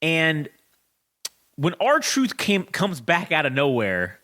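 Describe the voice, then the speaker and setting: A man co-hosting a casual podcast chat, telling stories in an animated, profane way. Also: a little high, slow. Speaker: podcast co-host.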